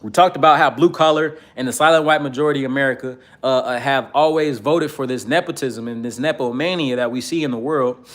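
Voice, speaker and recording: A man's voice: medium pitch, a little fast, hardly any pauses, a bit bright. A man giving a casual commentary monologue, rambling with many fillers and speaking bluntly and profanely. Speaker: political commentator.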